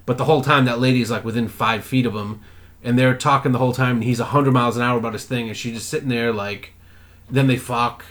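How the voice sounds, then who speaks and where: A man in casual chat, recounting stories with lots of swearing and quick bursts of acted-out voices. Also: medium pitch. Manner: profane, animated storyteller who acts out characters.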